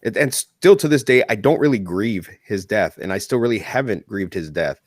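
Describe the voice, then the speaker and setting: Guy on a podcast, kinda low voice, dry mic, cussing a lot while he tells a story. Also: lively intonation, normal speed, no room sound. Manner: swears a lot in heartfelt storytelling. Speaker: podcast co-host. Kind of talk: casual chat.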